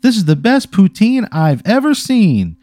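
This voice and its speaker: A man voicing a man in drag as a sweet pigtailed lady, speaking high and sing-song in a commercial skit. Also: very animated, a little slow, warm tone, no room sound. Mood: sugary.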